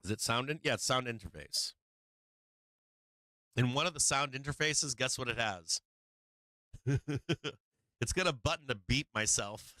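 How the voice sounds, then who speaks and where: A man's voice: medium pitch, lively intonation, unhurried, long pauses, sharp tone, no echo. A man from Boston hosting a live market stream, rambling in casual chat and laughing often at himself. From Boston, USA. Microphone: streaming microphone on an arm.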